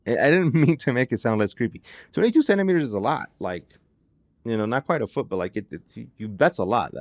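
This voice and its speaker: A man's voice: medium pitch, very animated, fast, no echo. A man hosting a podcast, retelling a case in a casual, chatty way full of "like"s and restarts. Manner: chatty, filler-heavy with many "like"s and restarts. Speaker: podcast host. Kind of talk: casual storytelling narration.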